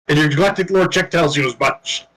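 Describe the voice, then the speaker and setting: A man with a slightly high, light voice runs a tabletop game. He narrates casually and with obvious enjoyment, laughing easily between rulings. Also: a bit bright, low-quality recording. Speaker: game master. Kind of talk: running a tabletop game over voice chat.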